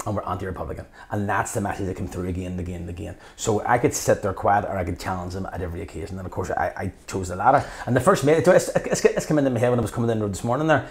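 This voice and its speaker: Low-pitched and rapid-fire, with hardly any pauses, a Belfast man in his fifties holds forth as an interview guest. His storytelling is passionate and animated, and he acts out what others said in this conversational setting.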